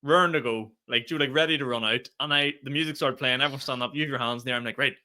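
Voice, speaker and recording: A man co-hosting a podcast in casual chat, animated and acting out quotes as he tells stories. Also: medium pitch, rapid-fire. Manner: animated, acts out quotes, laughs often. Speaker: podcast co-host.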